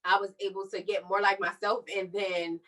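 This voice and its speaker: A young woman telling her personal story on a podcast, candid and animated, acting out what others said. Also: mid-range voice, normal speed, recorded from a distance, rough recording. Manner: candid, animated retelling with quoted dialogue. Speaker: podcast co-host.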